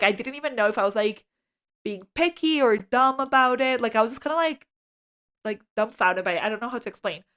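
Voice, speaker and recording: A woman with a fairly high voice chats on a podcast, spinning a story with lots of fillers. She slips into little acted voices for the people she quotes. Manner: animated storyteller, many fillers, acts out quotes. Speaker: podcast co-host. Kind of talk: casual storytelling chat.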